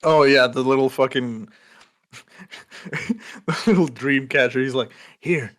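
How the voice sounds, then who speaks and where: Bright-voiced, foul-mouthed podcast guy. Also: medium pitch, unhurried. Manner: crude, swears often, laughing banter. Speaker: podcast co-host. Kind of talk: casual chat.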